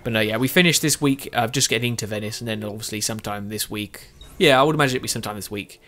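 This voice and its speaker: A man's voice: lowish voice, fast talker, a bit bright. A tired man, chatting casually as he plays a game and often correcting himself. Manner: rambling, self-correcting, chatty. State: tired with a sore throat. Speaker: gaming video host.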